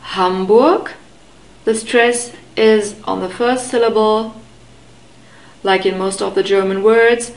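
Slow, careful woman teaching pronunciation. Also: mid-range voice, fairly even intonation, roomy sound, low-quality recording. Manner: careful, deliberate enunciation with repeated model words. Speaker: language teacher.

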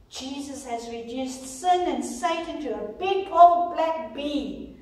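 A woman leading a ladies' Bible study, reading scripture and telling stories in an earnest, expressive way. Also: sits high, takes it slowly. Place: large church hall. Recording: very echoey hall, far mic.

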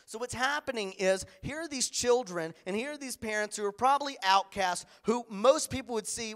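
A man preaching a sermon as pastor in a church, animated, acting out the voices of others. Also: very high-pitched, moderate pace, hardly any pauses.

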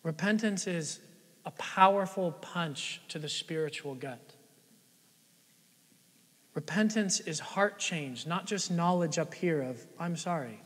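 Male pastor, sermon, high voice, animated and conversational, echoing church hall. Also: slow, long pauses, breathy edge. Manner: swings between loud emphatic lines and hushed, near-whispered ones; animated, conversational preaching with rhetorical questions. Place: church sanctuary. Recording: long church-hall reverb.

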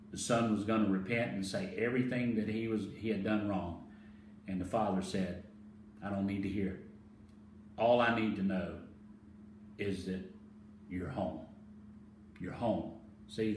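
A man preaching a sermon as pastor, moving from hushed storytelling to excited, loud preaching and calling on his listeners to repeat phrases after him. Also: lowish voice, roomy sound, far from the mic, a little hiss or hum. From United States.

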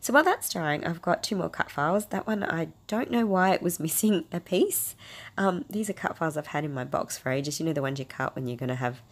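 A woman hosting a casual crafting tutorial, her voice hoarse and raspy from a cold as she chats and gushes over colours. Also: deep voice, brisk. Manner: chatty, gushing over colours. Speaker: craft video host.

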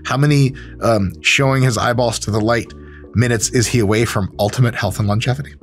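A man's voice: fairly low pitch, a little fast, faint music behind. A man hosting a reaction video as an exercise scientist, joking and swearing constantly. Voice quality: profane, joking, animated. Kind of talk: reaction commentary.

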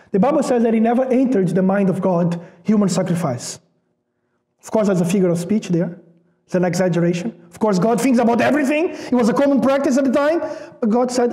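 A man's voice: high-pitched, fairly quick, dark tone. A man preaching a sermon in a conversational way, repeating words for emphasis and asking the congregation rhetorical questions. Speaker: pastor.

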